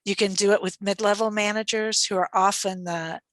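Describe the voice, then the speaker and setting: A woman's voice: medium pitch, fairly even intonation, moderate pace, a bit bright, no echo, poor audio. A woman consultant answering a question in an online session, speaking reflectively and thoughtfully with light laughter.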